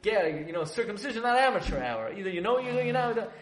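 A man's voice: high-pitched, big pitch swings, fast talker, pitched above the performer's own voice. A man playing a stern, exasperated elderly sage who scolds and gives orders emphatically. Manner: emphatic, scolding, then commanding. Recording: echoey room, faint background noise.

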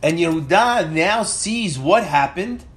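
A man's voice: on the high side, expressive, slow pace, a bit bright. A man giving a Torah class lecture, reading Hebrew verses aloud and explaining them in English, retelling the commentary dramatically and asking pointed questions. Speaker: Torah teacher.

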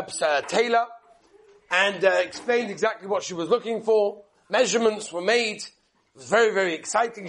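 A man with a high voice teaches a lesson through a story. He tells it in an animated way and acts out the characters' voices. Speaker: Torah teacher.

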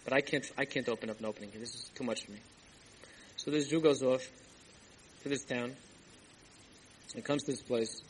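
Heard on rough archival tape with slight background noise and faint ambience, a man with a mid-range voice talks briskly but leaves long pauses. He delivers a storytelling sermon as a rabbi, vividly acting out the dialogue of a Hasidic tale and peppering it with Yiddish and Hebrew terms.

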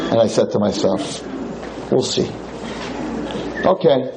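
A man's voice: medium pitch, slow, long pauses, heavy background noise. A man, a rabbi, telling a story in a lecture and acting out the other people in it. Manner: animated storyteller, acts out quotes.

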